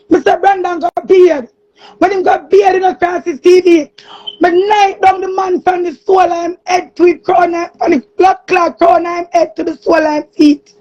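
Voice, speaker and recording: A woman with a Jamaican accent in an angry, cursing monologue, often shouting. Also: very high-pitched. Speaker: streamer. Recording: muffled lo-fi recording.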